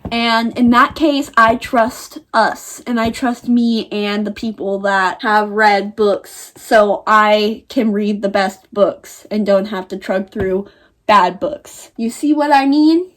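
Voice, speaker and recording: A woman's voice: medium pitch, slow, fairly bright tone. A young woman from the United States talking to camera in a casual book vlog, dramatic and exasperated. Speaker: book vlogger.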